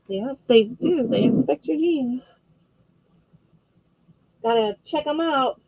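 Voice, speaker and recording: Unhurried, dry-sounding woman auction host. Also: sits high, animated, breathy edge, no room sound, muffled recording. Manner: chatty and friendly, describing items with frequent fillers and self-corrections. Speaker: host of a live online vintage auction. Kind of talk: casual live-stream selling.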